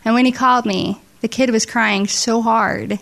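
A middle-aged woman shares an earnest, emotional testimony with a church congregation during a service. Her voice is a little high and gravelly, with a steady tone and normal speed, and she restarts phrases and adds soft asides.

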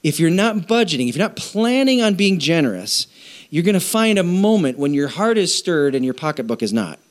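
A middle-aged man preaching a conversational sermon on generosity, with jokes and animated asides. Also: on the high side, a little fast. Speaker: pastor.

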